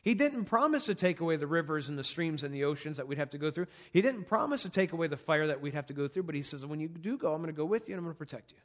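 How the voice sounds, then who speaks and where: A man's voice: on the high side, animated, rapid-fire, few pauses, fairly bright tone. A man preaching an earnest, conversational sermon, walking through numbered points on a scripture passage. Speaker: pastor.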